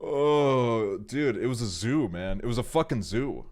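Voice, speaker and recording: A man's voice: mid-range voice, expressive, measured pace, darkish tone. A young man streaming, telling long stories in rambling casual chat full of fillers and swearing. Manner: rambling, profane storytelling with frequent fillers.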